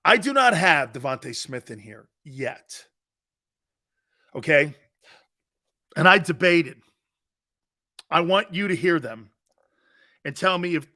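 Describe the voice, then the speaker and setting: A man's voice: a little high, sharp tone. A man hosting a live sports talk show, teasing and joking with his chat and laughing often.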